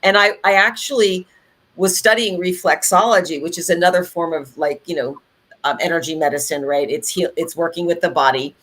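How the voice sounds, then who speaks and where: A middle-aged woman co-hosting a podcast, chatting in an animated way with many fillers and restarts. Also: on the low side, fairly quick. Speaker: podcast co-host. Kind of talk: casual conversational podcast chat.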